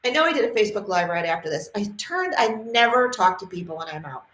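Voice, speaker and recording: A middle-aged woman from New England speaks straight to camera about dogs, animated and passionate. She tells stories and briefly acts out the people in them. The room around her sounds roomy and echoey. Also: mid-range voice, fast. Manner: animated, passionate storytelling with acted quotes. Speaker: dog trainer. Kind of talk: casual talk to camera. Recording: roomy echo.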